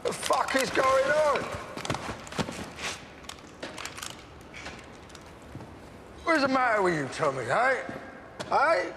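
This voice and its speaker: An actor playing a volatile middle-aged gangster boss, rambling and menacing in a television crime drama. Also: male voice, very high voice, big pitch swings, measured pace, exaggerated voice. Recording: film soundtrack with background noise.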